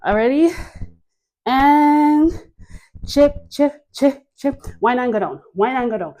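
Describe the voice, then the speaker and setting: A woman leading a dance workout class, cueing moves slowly between sighs and laughs, a bit out of breath. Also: sits high, lively intonation, warm tone. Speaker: dance instructor.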